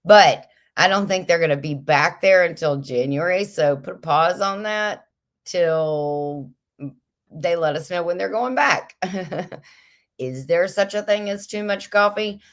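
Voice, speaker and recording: Low-voiced chatty woman reading comments. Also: a little slow. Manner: chatty, kooky, laughs often. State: slightly stuffy with a headache. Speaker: livestream host reading viewer comments. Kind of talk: casual chat.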